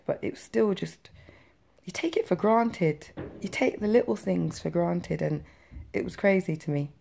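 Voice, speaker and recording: A woman's voice: deep voice, creaky, mellow. A woman vlogger telling her personal story to camera in a chatty, emphatic way, with many fillers and tag questions.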